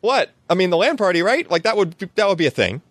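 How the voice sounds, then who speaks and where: Podcast cohost, male, excitable and chatty, dry close mic. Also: high voice, no room sound. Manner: excitable, talks over others, quick restarts. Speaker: podcast host. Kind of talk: casual tech chat.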